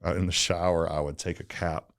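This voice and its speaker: A man's voice: low-pitched, flat delivery, brisk, gravelly, fairly bright tone. A man from the St. Louis area, a guest on a casual interview podcast, telling personal stories in an earnest, rambling way full of "like" and "right?". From St. Louis area, USA. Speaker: podcast guest, donut shop owner.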